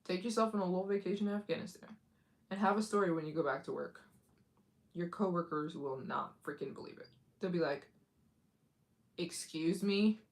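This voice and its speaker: Speaking fast in a lowish, steady voice, a woman hosts a casual travel-vlog live stream. She talks right to her viewers, giggles a lot, and acts out other people's lines in put-on voices, keeping things chatty.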